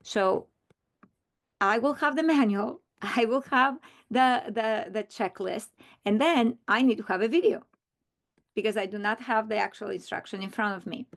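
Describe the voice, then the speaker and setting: A woman's voice: a little high, moderate pace, gravelly. A woman training teachers in a recorded presentation, explaining earnestly and often restarting her sentences.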